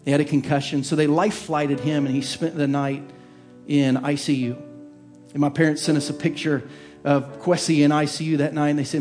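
A man preaching from the pulpit, earnest and heartfelt, his voice sitting a touch higher than most men's. He often drops into a hushed, soft tone. A faint instrumental bed plays quietly underneath. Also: level tone, normal speed, soft background music. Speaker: pastor. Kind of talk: sermon with personal story.

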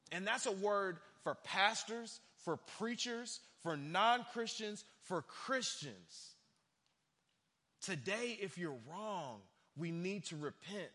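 A young man preaching with animated energy, breaking into quoted voices. His tone is bright and forceful, sitting a little high. The sound carries a long reverb from a large church hall. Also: measured pace. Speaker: pastor. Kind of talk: sermon.

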